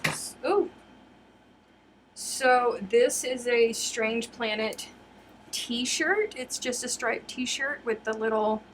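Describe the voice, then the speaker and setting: A giggly, excitable woman talks unhurriedly to her live viewers as she unboxes. Her voice sits a little high. A faint hiss runs underneath. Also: slow. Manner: excitable, giggly, addresses viewers as you guys. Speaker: crochet livestream host.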